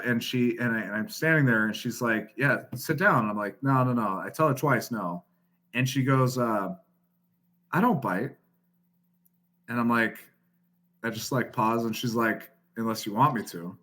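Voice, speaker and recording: A man in his thirties, a podcast guest telling a story casually, swearing often and laughing as he goes. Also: medium pitch. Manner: profane, laughing, animated storyteller.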